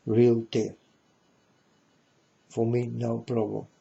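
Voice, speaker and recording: Slow, gravelly, dark-voiced man preaching. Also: medium pitch, flat delivery, muffled recording. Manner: emphatic, repetitive, keeps checking the listener understands; non-native, broken English grammar. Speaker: speaker addressing viewers. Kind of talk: preachy spoken monologue.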